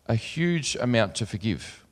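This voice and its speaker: Very animated yet measured in pace, a preacher with a mid-range voice delivers a sermon. He reads scripture aloud earnestly and chats in filler-filled asides. Long hall reverb colors the recording.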